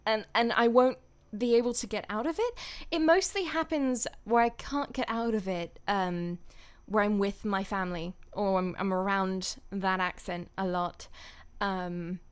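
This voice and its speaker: Chatty young woman with a smooth voice. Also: medium pitch, a little slow. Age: young adult. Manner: chatty, laughs often, many fillers. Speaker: voice actor streaming. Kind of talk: casual live-stream chat.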